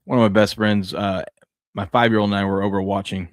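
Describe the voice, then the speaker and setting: On a casual sports show, a co-host in his thirties tells family stories in a relaxed chat, laughing often as a laid-back storyteller. His voice is on the low side with a flat delivery, a little fast. The studio sound is clean with no echo.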